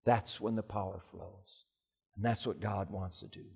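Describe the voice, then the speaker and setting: A man preaching a sermon with passion, climbing loud and high in his stories and then dropping low and quiet into prayer. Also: fairly even intonation, normal speed, vocal fry, breathy edge.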